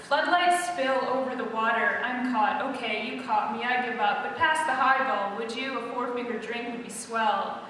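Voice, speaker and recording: A woman's voice: a little high, normal speed, hardly any pauses, a bit bright, slight background noise. A woman author at a live event, chatting to introduce her novel, then reading a first-person scene aloud. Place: opera centre hall, live event. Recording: echoey hall from far off.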